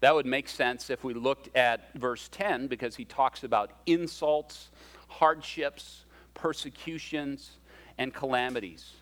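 A man gives a conversational sermon, his voice sitting at a middle pitch. He shifts his pace and emphasis as he preaches and slips in self-deprecating humor. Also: a little slow, a bit bright. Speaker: pastor.

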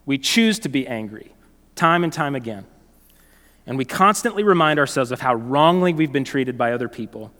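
A man's voice: mid-range voice, normal speed. Man preaching in an echoing hall. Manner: conversational, animated storytelling with frequent restarts. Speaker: pastor. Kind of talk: sermon.

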